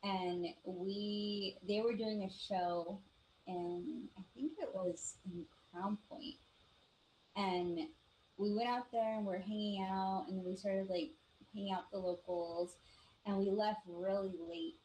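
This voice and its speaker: A woman from the Navajo Nation, co-hosting a live show and telling ghost stories in a casual, animated way, acting out the voices of the people in them. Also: mid-range voice, takes it slowly, slight background noise, poor audio. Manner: animated storyteller, acts out quoted voices, many "like" fillers. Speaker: podcast co-host. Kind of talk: casual storytelling chat.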